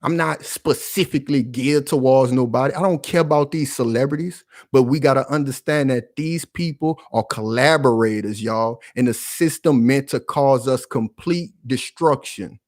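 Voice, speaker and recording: A man's voice: medium pitch, normal speed, hardly any pauses, no echo, clean studio sound. A man hosting his own channel, delivering heated, emphatic commentary full of slang and rhetorical questions. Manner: loud, emphatic, confrontational.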